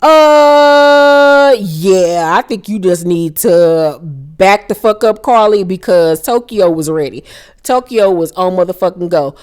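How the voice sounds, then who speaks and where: A woman's voice: on the low side, unhurried, darkish tone. A young woman casually recapping a reality show episode, blunt, profane and sassy in her commentary.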